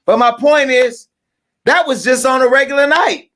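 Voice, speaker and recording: Brash, high-voiced male gossip host. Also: moderate pace. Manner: brash, profane, storytelling with loud asides. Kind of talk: casual gossip show monologue.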